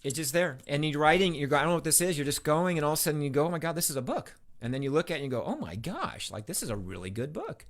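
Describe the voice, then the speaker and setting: A man's voice: on the high side, lively intonation, very fast, few pauses. A man talking as a guest on an interview show, telling stories with enthusiasm and plenty of filler words. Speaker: podcast guest, author. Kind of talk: casual interview chat.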